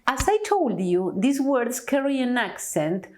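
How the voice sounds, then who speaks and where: Argentine woman, native Spanish speaker, language teacher; unhurried, animated pitch, clear drill-style delivery. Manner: clear, deliberate, repeats each word then its translation. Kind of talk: slow language lesson with examples.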